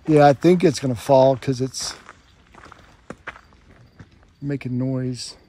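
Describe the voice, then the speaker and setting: A man speaks in a hushed, casual way as he points out noises to his group. He is out in the woods at night, with a faint hiss under his voice and a pitch in the middle. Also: steady tone, slow pace. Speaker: bigfoot researcher. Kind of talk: casual field talk.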